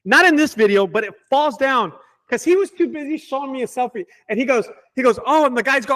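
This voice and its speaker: A man who owns a junk removal business, telling animated, profane stories in a casual group chat. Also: very high-pitched, fast.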